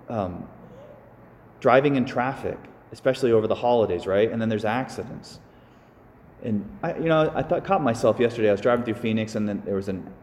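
Male priest, easy conversational sermon, lively asides, middle pitch, reverberant church sound. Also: a little hiss or hum. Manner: casual and animated, with sighs and small asides. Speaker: Catholic priest. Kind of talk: conversational homily.

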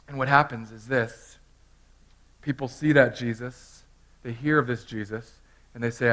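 A man preaching a sermon as pastor, swinging from hushed, intimate talk to loud, fervent passages and often repeating words. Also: medium pitch, fairly even intonation, normal speed.

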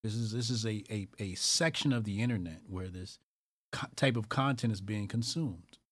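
A man's voice: lowish voice, normal speed, a bit bright, dry recording. A man hosting a call-in commentary show, talking casually and profanely, repeating phrases for emphasis.

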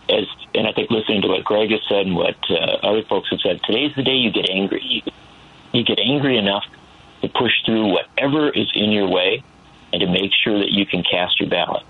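A man with a low, gravelly, slightly husky voice gives earnest commentary over a tinny phone line. His delivery builds with passion as he goes. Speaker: political commentator. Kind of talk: call-in radio commentary.

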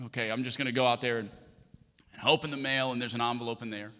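A man's voice: medium pitch, fast talker. A man from Texas preaching a sermon as a pastor, telling a story and acting out the dialogue in it. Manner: animated storyteller, acts out dialogue. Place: large church hall. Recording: long reverb of a big church hall.

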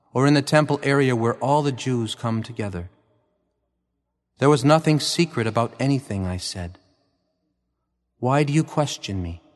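A man voicing Jesus as a calm grown man answering his questioners in a steady, measured way. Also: medium pitch, big-room sound, natural voice. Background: faint guitar music.

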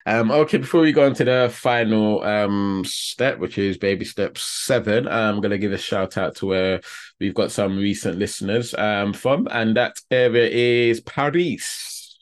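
Man, podcast co-host, low pitch, upbeat, hyping. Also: a little slow. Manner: upbeat, hyping, short affirmations. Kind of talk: casual podcast chat.

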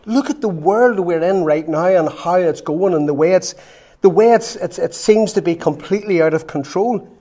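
A man preaching a sermon, telling a story with lively acted-out quotes. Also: sits high, moderate pace, few pauses. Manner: storytelling, animated, acts out quotes.

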